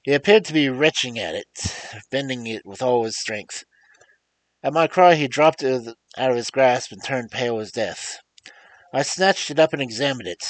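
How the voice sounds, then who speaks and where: A man reading a classic story aloud in an expressive storytelling style. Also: medium pitch, normal speed, dry recording, poor audio. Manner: lively expressive reading with rises and drops. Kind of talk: audiobook reading, dramatic storytelling.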